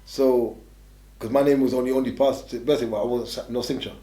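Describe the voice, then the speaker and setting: Fast-talking blunt man, roomy sound. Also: mid-range voice, steady tone, mellow. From England. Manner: blunt, rambling, restarts a lot. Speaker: interviewee. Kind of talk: candid storytelling. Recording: roomy echo.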